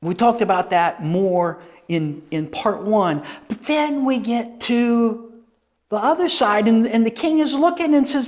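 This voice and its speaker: A male preacher delivers a sermon in a high, very expressive voice that swings widely in pitch. He speaks slowly and emphatically, repeating phrases to drive his points home.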